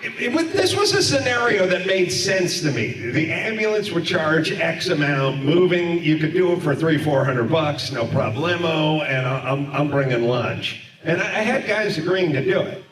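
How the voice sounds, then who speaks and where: A man's voice: a little high, expressive, moderate pace, hardly any pauses, a bit bright. A middle-aged man hosting, telling a rambling comic story in front of a live audience. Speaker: comedy podcast host. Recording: echoey live room, far mic, audience.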